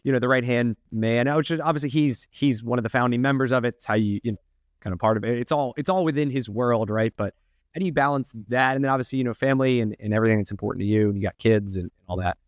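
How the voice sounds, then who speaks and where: Guy hosting a chat, talks fast and loose, lots of fillers, dry sound. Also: medium pitch, no echo. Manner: loose, rambling, full of fillers like "you know" and "like". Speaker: podcast host. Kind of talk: casual interview talk.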